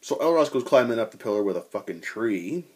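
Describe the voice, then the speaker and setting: Young guy telling a tabletop war story, animated, swears a lot, kinda husky voice. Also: lowish voice, fairly quick. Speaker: storyteller recounting a tabletop game. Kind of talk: casual storytelling.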